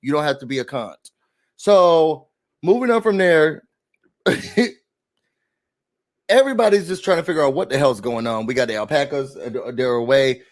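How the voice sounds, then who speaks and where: A man recapping a reality show in a sassy, animated rant, talking straight to his viewers from a room indoors. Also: on the high side, moderate pace, pauses often. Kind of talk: casual rant-style recap.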